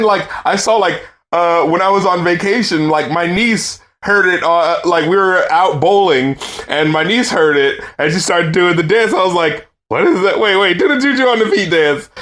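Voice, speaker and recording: A young man co-hosting a podcast in casual chat, animated and laughing, often trailing off and restarting. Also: high-pitched, normal speed, hardly any pauses. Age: young adult. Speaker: podcast co-host.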